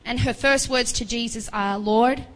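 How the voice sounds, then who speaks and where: Higher-pitched woman preaching a sermon. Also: moderate pace, a bit bright, rough recording. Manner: earnest, dramatizes Bible voices with pleading rises. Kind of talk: sermon retelling a Bible story.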